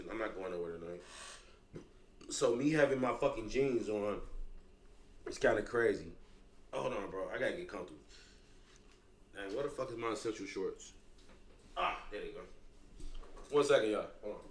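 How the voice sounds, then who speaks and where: A man's voice: lowish voice, moderate pace, pauses often. Slangy man reacting casually. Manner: loose, slangy and profane, talks straight to viewers. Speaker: reaction streamer.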